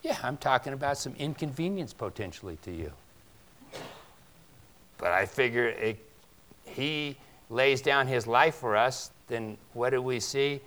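A male pastor giving a conversational sermon, asking his congregation rhetorical questions and swinging between loud emphasis and quiet asides. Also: mid-range voice, expressive, unhurried, pauses often, a little hiss or hum.

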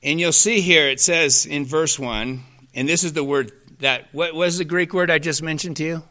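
A man's voice: fairly high pitch, normal speed, sharp tone. A man teaching a Bible study class in a folksy way, drifting into anecdotes.

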